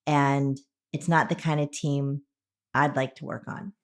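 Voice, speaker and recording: Low-voiced woman giving earnest advice. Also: level tone, measured pace. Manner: earnest, gives practical advice. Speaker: podcast co-host. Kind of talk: casual podcast conversation.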